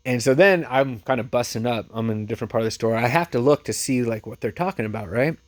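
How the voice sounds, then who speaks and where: A man who resells thrift finds, telling a story casually and with lively energy. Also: medium pitch, fast. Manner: chatty, animated retelling with laughs.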